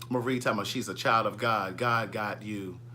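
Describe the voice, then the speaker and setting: A man with a Southern US accent hosting a casual livestream, chatting in a gossipy, animated way and reading viewer comments aloud. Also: lowish voice, a little hiss or hum. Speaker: livestream host.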